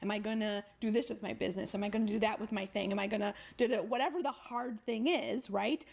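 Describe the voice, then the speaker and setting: A woman's voice: medium pitch, fairly even intonation, fast talker, vocal fry, a little mellow, husky. A woman therapist, a guest on a podcast, talking frankly and with energy in casual conversation, swearing freely and acting out inner voices.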